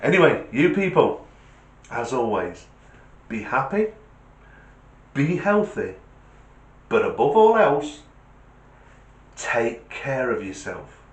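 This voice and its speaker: A man's voice: medium pitch, takes it slowly, long pauses, reverberant, rough recording. Chatty man telling a joke. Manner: chatty, animated storyteller. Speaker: channel host.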